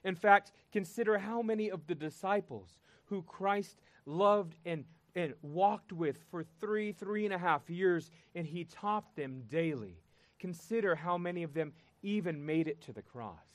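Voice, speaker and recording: High-voiced preacher, earnest and emphatic. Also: male voice, dry recording. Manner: earnest, emphatic, with pauses and repeated words. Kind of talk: sermon.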